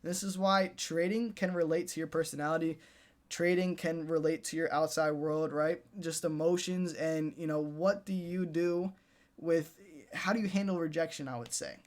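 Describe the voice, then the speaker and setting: A man's voice: on the high side, fairly even intonation, normal speed. A young man coaching day traders in a casual motivational talk, repeating himself and ending points with "right?" and "dude". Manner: repetitive, pep-talk, tags "right?" and "dude".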